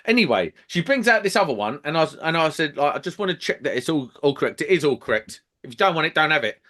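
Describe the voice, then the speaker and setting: A man's voice: on the high side, quick pace. Sweary man ranting. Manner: sweary, animated storytelling. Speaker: podcast co-host, electrician. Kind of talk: casual chat, ranting anecdote.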